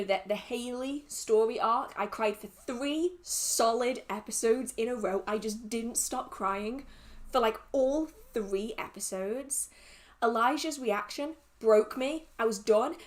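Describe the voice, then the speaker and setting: Chatty woman, higher voice. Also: a bit bright. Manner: chatty, rambling, with frequent restarts and laughs. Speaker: livestream host. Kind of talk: casual chat answering viewer questions.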